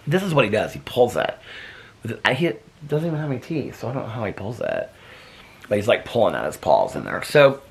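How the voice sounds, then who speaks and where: Chatty man with a husky voice. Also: fairly low pitch, a bit bright. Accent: American. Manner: chatty, rambling, talks to his dog. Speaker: vlogger. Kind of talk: casual chat. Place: home, indoors. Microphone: camera.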